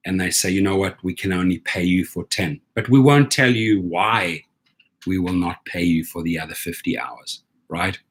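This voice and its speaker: Speaking in a deep, husky voice with a fairly bright tone, a man tells his viewers an indignant story about his treatment, often adding "right?" to check in. He's a rideshare driver and channel host, delivering a casual storytelling rant to camera.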